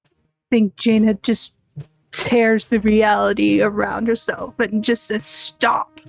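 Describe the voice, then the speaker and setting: A woman playing in a tabletop role-playing game, calmly describing her character's actions. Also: mid-range voice, measured pace, vocal fry, no echo, poor audio. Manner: calm, describes actions in third person. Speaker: player.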